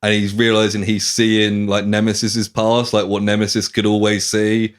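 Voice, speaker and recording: This man's voice is fairly low and clean in tone, delivered at a moderate pace. Hosting a podcast, he casually walks through a novel's plot in casual chat, acting out characters' lines animatedly, swearing and laughing along the way.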